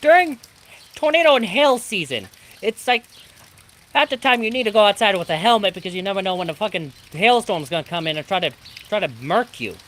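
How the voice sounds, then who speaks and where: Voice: medium pitch, animated, fairly quick, fairly bright tone, a little hiss or hum. A storm streamer ranting with heavy profanity during a live stream, from the Pacific Northwest of the US. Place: home during a thunderstorm, rain outside. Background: rain.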